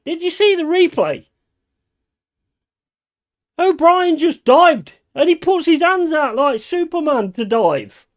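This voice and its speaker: A man streaming a football watch-along, swearing and ranting at the players and the referee. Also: extremely high pitch. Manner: shouting in bursts of outrage. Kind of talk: live match watch-along commentary.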